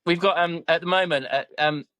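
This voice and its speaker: A man's voice: fairly high pitch, fairly quick, dry recording. A man co-hosting a podcast, chatting casually with plenty of hesitations and fillers. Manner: hesitant, lots of fillers, lively storytelling. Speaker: podcast host. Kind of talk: casual chat.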